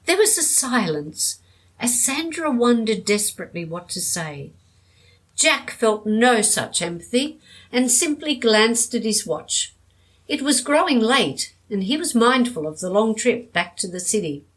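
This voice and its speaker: A woman reads an audiobook aloud. Her delivery is measured and steady, keeping an even storytelling pace through the narration. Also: on the high side, poor audio.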